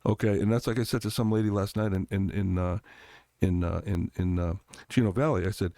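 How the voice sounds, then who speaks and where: A man's voice: low voice, steady tone, a little fast, mellow, dry recording, clean studio sound. A middle-aged man, a congressional candidate, talking emphatically in an interview and telling stories with quoted voices. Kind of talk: animated political interview talk.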